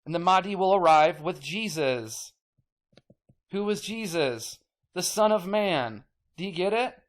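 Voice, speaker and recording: A man's voice: high voice, lively intonation, unhurried. A man hosting his own channel, ranting emphatically to the camera, repeating himself, swearing casually and getting worked up. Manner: emphatic, repetitive, gets worked up. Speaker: channel host.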